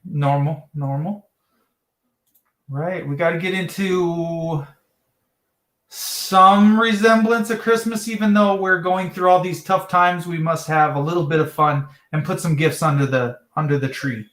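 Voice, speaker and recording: A man's voice: fairly high pitch, fairly even intonation, normal speed, fairly bright tone, echoey room. A man hosting a livestream from South Dakota, rambling and profane, repeating his words as he rants. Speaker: livestream host. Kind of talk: ranting livestream chat.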